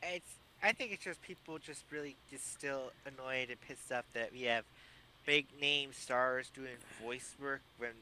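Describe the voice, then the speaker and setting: Bright-voiced rambling male co-host. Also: medium pitch, unhurried, slight background noise, rough recording. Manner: rambling, heavy on fillers, opinionated. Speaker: podcast co-host. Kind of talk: casual chat.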